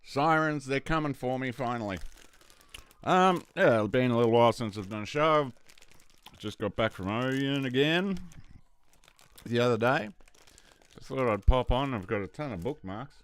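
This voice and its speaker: Here a man hosting a livestream rambles through casual conversation, profane and quick to laugh. He has a smooth, mid-range voice that's animated, moving at normal speed with frequent pauses.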